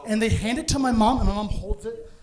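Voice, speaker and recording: A young man telling a stand-up story on stage, his voice sitting high for a man. He talks quickly and with plenty of animation, tossing in asides, with a handheld mic close to his mouth. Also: over music. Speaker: stand-up comedian. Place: comedy venue stage.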